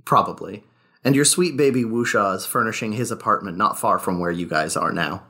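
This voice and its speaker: A man's voice: on the low side, sharp tone. A man narrating a tabletop game as game master, in a laid-back way, asking the players questions.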